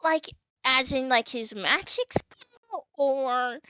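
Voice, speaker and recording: A woman voicing a small male wizard figure, fussy and halting. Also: sits high, animated, sharp tone, smooth, no echo, full character voice, low-quality recording. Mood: worried.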